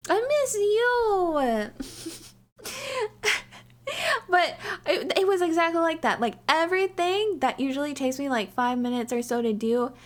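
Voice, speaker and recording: A woman's voice: high voice, expressive, moderate pace. Chatty young woman with a tired voice. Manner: chatty and rambling, heavy use of "like", giggly. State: slightly strained voice from much talking. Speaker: livestreamer. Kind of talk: casual chat to a live audience.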